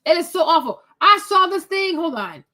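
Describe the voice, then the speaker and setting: Lively high-voiced woman reacting. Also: normal speed. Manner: animated, exclaiming, repeats herself. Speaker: commentary vlogger. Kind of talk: casual reaction commentary.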